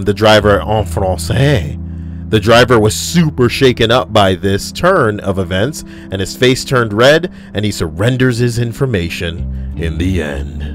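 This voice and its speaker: A man reading stories aloud for a video, with swearing and chatty side comments into a desk microphone. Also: on the low side. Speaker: online video host. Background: soft background music.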